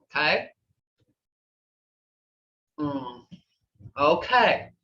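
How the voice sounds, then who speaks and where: Older woman teaching slowly in echoey room. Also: low voice, very animated, a bit bright. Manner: repeats words slowly, checks in with "okay?". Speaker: language teacher. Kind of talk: classroom language lesson. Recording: echoey, distant, dull room recording.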